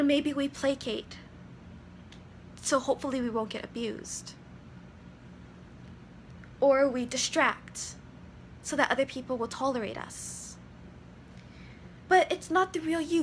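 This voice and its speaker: A woman's voice: sits high, a little hiss or hum. A woman in her twenties, earnestly explaining ideas from her studies in a casual vlog. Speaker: vlogger.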